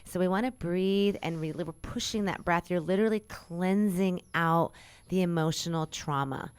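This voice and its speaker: A middle-aged woman with a fairly low voice, talking in a casual conversation. She guides the listener through breathing techniques in a soothing way, with calm spoken affirmations. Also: normal speed, clear, resonant tone, dry recording. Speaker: spiritual coach.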